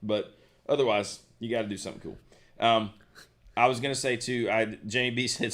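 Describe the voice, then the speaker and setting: A man's voice: mid-range voice, brisk. A man co-hosting a guitar shop live stream, chatting casually about gear and reading viewer comments aloud. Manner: relaxed, rambling, lots of fillers and restarts.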